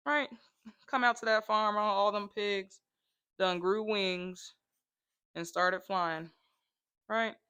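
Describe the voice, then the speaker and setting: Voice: medium pitch, sharp tone. A comedic vlogger in a rambling monologue who jumps between tangents and acts out the voices of people in the stories.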